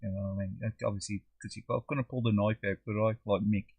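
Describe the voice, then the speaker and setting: A man's voice: lowish voice, steady tone, fast talker, gravelly, darkish tone, dry recording. A man with a Black Country accent, chatting casually with viewers while he plays a game on a livestream, trailing off and joking as he goes. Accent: Black Country English. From English Midlands. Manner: chatty, swears, drops into funny quoted voices. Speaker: livestream gamer. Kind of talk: casual chat while gaming, reading live chat.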